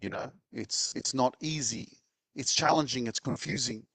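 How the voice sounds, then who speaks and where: A man's voice: mid-range voice, moderate pace, husky, dry recording. A man with an Australian accent hosting a live motivational event, introducing a guest and firing up the crowd. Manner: hypes the crowd, shouting. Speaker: event host and speaker.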